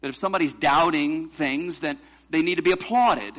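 Male pastor, emphatic sermon delivery, slightly high bright voice, muffled lo-fi recording. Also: moderate pace. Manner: emphatic preaching, rhetorical questions to the congregation.

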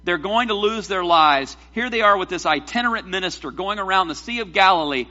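A man preaches to his congregation in a high, bright voice. He is animated and throws in joking asides, and the recording sounds slightly dull. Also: a little fast, few pauses. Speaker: pastor. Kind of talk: sermon.

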